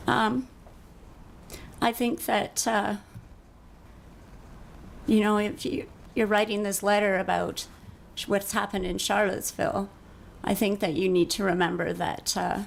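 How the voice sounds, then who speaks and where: A woman city councillor giving an earnest speech at a council meeting, halting often with fillers. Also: medium pitch, steady tone, gravelly, a little hiss or hum.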